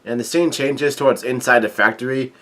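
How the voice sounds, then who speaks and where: Halting man reading a comic aloud. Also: mid-range voice, fairly even intonation, sharp tone. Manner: halting, many fillers and restarts; reads dialogue aloud with light commentary. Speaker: manga chapter reader. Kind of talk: casual manga read-through.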